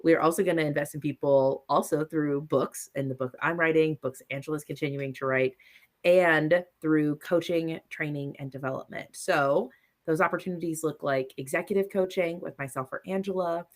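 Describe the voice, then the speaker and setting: A man's voice: a little high, fairly even intonation, moderate pace. A man hosting a live podcast, talking in an upbeat, promotional way. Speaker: podcast host.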